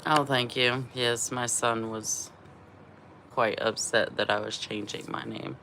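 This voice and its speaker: A woman's voice: a bass voice, steady tone, takes it slowly, bright, forceful tone, slight background noise. A middle-aged woman vlogging in casual chat, laughing often and swearing freely while feeling unwell from a cleanse.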